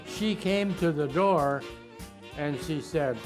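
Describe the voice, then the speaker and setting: A very old man who speaks slowly and thoughtfully, with a fairly high voice for his age. He tells his life story and voices the people in it. Soft music plays faintly underneath. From Minnesota, United States. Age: 100s. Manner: reflective, acts out remembered dialogue. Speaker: war veteran. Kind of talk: documentary storytelling interview.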